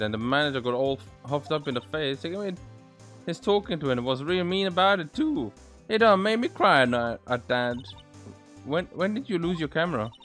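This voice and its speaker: A man voicing a brash young female photographer in a courtroom game, speaking with a put-on drawl in a loud, folksy, blustering way. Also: on the high side.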